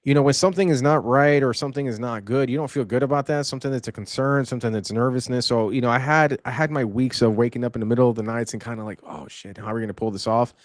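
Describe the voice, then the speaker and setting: A man's voice: mid-range voice, fast talker, few pauses, no echo, clean studio sound. A man hosting a casual podcast, talking in long rambling runs and restarting his sentences. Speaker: podcast host and event organizer.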